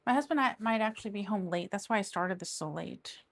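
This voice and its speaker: A woman's voice: mid-range voice, animated, a little fast, vocal fry. Chatty middle-aged woman. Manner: rambling, chatty, trails off and restarts. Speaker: crafting vlogger. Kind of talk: casual chat while diamond painting.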